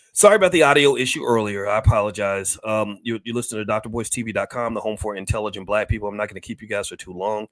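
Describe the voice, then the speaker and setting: A man's voice: lowish voice, a bit bright, no echo. A man hosting a finance talk, speaking emphatically to viewers with rhetorical questions and repeated points. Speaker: finance commentator and host. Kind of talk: preachy monologue to viewers.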